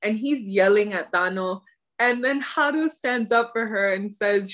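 A young woman co-hosting a podcast, chatting in an animated way and ranting with laughter. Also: medium pitch, a little slow. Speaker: podcast co-host. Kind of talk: casual chat.

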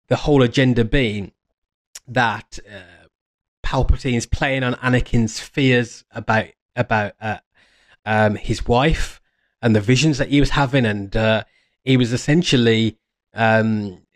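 A man giving a casual fan explainer monologue, meandering and restarting mid-phrase with enthusiasm. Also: medium pitch. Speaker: fan commentator.

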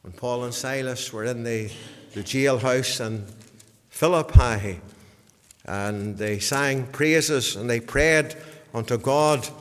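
A man preaching a sermon, swinging from hushed passages to loud, high bursts and repeating words as he builds up. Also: slow, long reverb tail.

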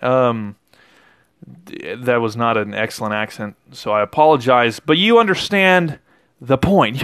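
A man with a fairly high voice hosts a podcast, talking through politics in a loose monologue. He rambles and corrects himself as he goes. The sound is dry and close, with no echo. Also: fairly bright tone. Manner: rambling, with frequent self-corrections. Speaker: podcast host. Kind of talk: casual political commentary monologue.

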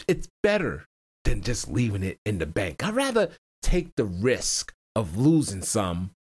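A man hosting a casual stock-trading video, talking over his screen in a rambling way, often repeating words, backtracking and chuckling between points. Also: fairly low pitch. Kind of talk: casual screen-share market commentary.

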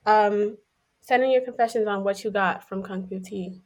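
Young female co-host, mid-pitched, bubbly and upbeat casual chat. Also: fairly even intonation, normal speed. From Houston, Texas. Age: young adult. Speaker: podcast co-host.

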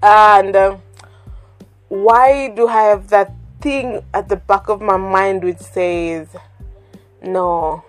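A woman talks slowly and openly on her solo podcast, repeating words as she works through her thoughts. She swears freely, and faint music plays behind her voice. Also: medium pitch. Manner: candid, emotional, swears and laughs often, repeats words. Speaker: podcast host.

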